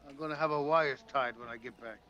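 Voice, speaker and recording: An actor playing a grumpy middle-aged man who complains gruffly, heard as dull film audio. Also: medium pitch, fairly even intonation, fast, sharp tone, natural voice. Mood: grumbling. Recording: dull film audio under faint score.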